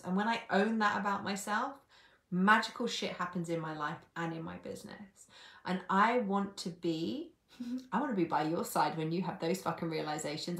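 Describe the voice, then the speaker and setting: A woman's voice: medium pitch, a bit bright, reverberant. A woman coach giving a blunt, sweary live stream pep talk, laughing often.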